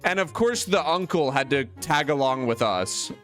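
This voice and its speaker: A young man tells a rambling, animated story, his voice bright and forceful, acting out each person in it. His pitch sits a little above the usual, and soft music plays under his talk. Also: moderate pace. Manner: animated, many "like" fillers, acts out other voices. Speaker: streamer. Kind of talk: casual storytelling.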